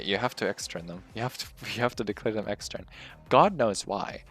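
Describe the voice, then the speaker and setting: A man's voice: fairly low pitch, a little fast, a bit bright, breathy edge, soft background music. A man streaming live while coding, muttering, swearing and laughing at his own frustration. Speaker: livestreaming game developer.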